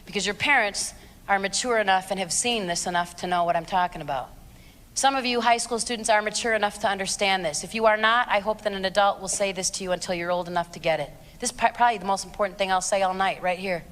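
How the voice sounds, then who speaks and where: A woman's voice: medium pitch, a little fast, fairly bright tone. Blunt, sarcastic woman lecturing in a hall. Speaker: abstinence speaker. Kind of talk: fiery speech to students and parents. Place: large hall with a live audience. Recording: long hall reverb.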